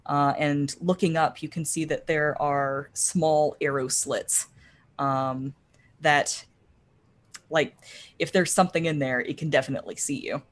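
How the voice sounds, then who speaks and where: A woman narrating a tabletop game as game master, describing scenes slowly with many ums and uhs. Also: sits low, fairly even intonation.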